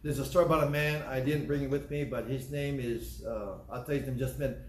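Pastor, male, earnest, repeats his points slowly; roomy, echoey hall recording. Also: mid-range voice, steady tone. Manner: earnest, repeats key phrases slowly for emphasis. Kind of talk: sermon. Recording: echoey room with faint background noise.

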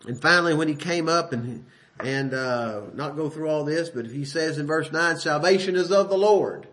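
A man preaching a sermon, his voice sitting a little higher than most men's. He talks in a folksy, conversational way, reads King James verses aloud with emphasis, and stops now and then to correct himself. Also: moderate pace, sharp tone.

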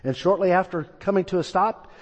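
A man's voice: high-pitched, steady tone, a little fast, highs cut off. A man preaching a sermon, telling a story and acting out the voices in it. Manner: storytelling, acts out quoted voices. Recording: long reverb of a large hall.

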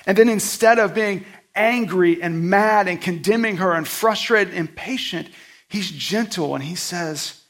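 A man preaching a sermon in a conversational style, swinging between loud outbursts and soft, hushed passages. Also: sits high, normal speed. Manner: conversational, self-deprecating preaching. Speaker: pastor.

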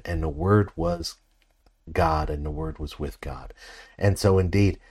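A man delivers an expository sermon, working through the text in a measured, reflective manner. His voice sits low and carries a husky edge. He often pauses to pose rhetorical questions to his listeners. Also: a little mellow. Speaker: preacher.

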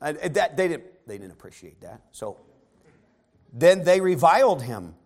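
A male preacher reads scripture aloud and then retells it in casual, modern language, moving between quiet asides and loud, emphatic passages. His voice sits on the high side with wide pitch swings, and he talks at a normal speed.

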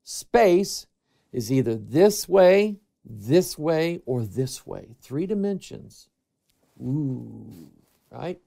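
A man preaching a conversational sermon, reading scripture aloud and explaining it with earnest emphasis that swings between loud stress and hushed reverence. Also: a little high, very animated, slow pace, vocal fry.

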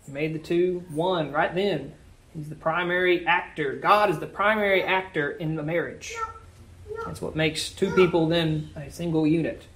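A man's voice: on the high side, steady tone, moderate pace, fairly bright tone. A man leading a Bible study, reading scripture aloud and then explaining it in plain, casual words.

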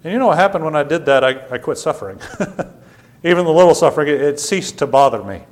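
Stammering preacher man, loud then hushed. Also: fairly high pitch, lively intonation, fast talker. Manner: stammering restarts, swings from loud to quiet. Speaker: pastor. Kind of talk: sermon. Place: church sanctuary.

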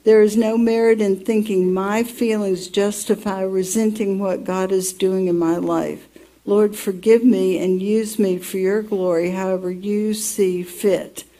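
A woman leads a devotional Bible lesson, reading each line slowly and deliberately. Her voice is mellow and warm, and she unhurriedly works through her points, laughing now and then. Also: medium pitch, steady tone, poor audio. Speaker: Bible teacher. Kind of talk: devotional teaching, reading contrasts aloud.

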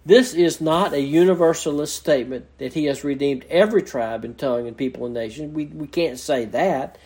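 A man's voice: fairly high pitch, fairly quick, darkish tone. A man preaching an expository sermon, earnestly explaining scripture verse by verse in a teacherly way. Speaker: pastor.

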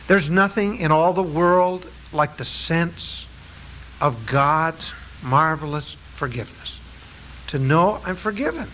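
A man preaching a sermon, emphatic, with drawn-out stresses and rhetorical questions to his listeners. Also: high voice, pushed and bright, slight background noise, low-quality recording.

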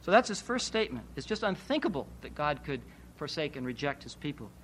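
A man preaching an expository sermon in a voice pitched a little above most men's. He drives his points home with rhetorical questions and repeated phrases, steady and emphatic. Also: fairly quick, a little hiss or hum.

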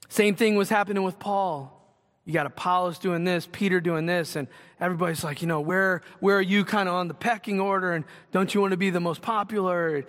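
Brisk and a bit bright, this high male voice belongs to a Northwest Ohio pastor. His sermon is earnest and conversational, with direct questions for the congregation, heard through long hall reverb.

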